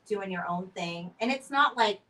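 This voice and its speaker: A woman's voice: medium pitch, lively intonation, normal speed, pushed and bright, recorded from a distance, poor audio. A woman in her forties chatting casually and telling stories, acting out what people said. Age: 40s. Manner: chatty storyteller, acts out quotes. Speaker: building owner. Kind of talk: casual chat. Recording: voice from off the mic.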